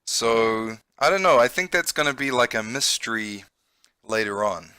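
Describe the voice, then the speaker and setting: A man's voice: medium pitch, expressive, normal speed, pushed and bright, clear, resonant tone, no room sound. A man, an English conversation teacher, playing a dating game on a close mic, amused and laughing often while explaining words. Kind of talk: game let's-play commentary.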